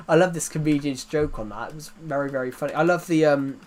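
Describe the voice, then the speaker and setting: Man, casual streamer chat, rambling stories, laughs at own jokes, slightly raised pitch. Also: fast talker. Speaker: game streamer.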